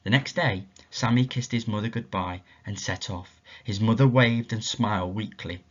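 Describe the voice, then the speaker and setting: Expressive storytelling male teacher, muffled. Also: on the low side, normal speed. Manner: expressive, asks the children questions. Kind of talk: storytelling at a school assembly. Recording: dull, muffled lo-fi recording.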